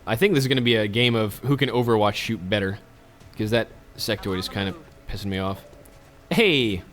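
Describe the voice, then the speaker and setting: A man's voice: on the low side, a little fast, a bit bright. Chatty man narrating his gameplay. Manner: chatty, joking asides to viewers. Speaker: let's play host. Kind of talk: casual gameplay commentary.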